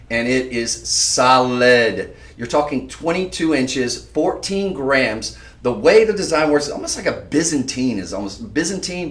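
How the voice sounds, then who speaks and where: A man hosting a live-stream jewelry sale, talking to viewers in a chatty, emphatic sales pitch. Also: roomy sound, far from the mic. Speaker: shopping channel host.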